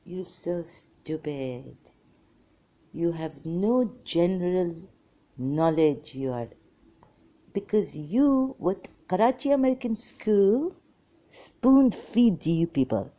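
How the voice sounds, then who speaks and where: Slow, dark-voiced woman vlogging. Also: fairly low pitch, expressive. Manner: scattered, exasperated, jumps between topics. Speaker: ex-Muslim vlogger. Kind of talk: rambling monologue to camera.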